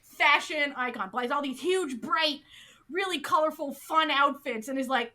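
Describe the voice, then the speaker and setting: A chatty woman co-hosting a casual podcast, retelling a show with animated energy. Her voice sits high and sounds bright, and she fills her sentences with "like". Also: moderate pace. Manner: animated, chatty, heavy use of "like". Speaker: podcast co-host. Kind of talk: casual chat recapping a TV show.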